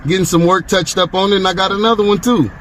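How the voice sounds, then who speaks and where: A man's voice: high-pitched, steady tone, fast talker, a bit bright. A man argues firmly from the driver's seat of his car, cursing freely. A faint hiss of outdoor noise sits under the handheld phone recording. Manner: firm, confrontational, swears often. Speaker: driver recording a traffic stop. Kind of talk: heated roadside argument. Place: seated in his car at the roadside.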